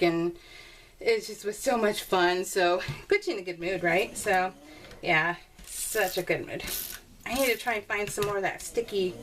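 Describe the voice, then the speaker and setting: A chatty woman talks loosely over her scrapbooking video, laughing often and drifting between thoughts. Her voice sits at a middle pitch, with a faint hiss of noise behind it. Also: fairly bright tone, far from the mic. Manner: chatty, giggly, rambling. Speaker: scrapbooking vlogger. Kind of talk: casual voiced-over craft process video.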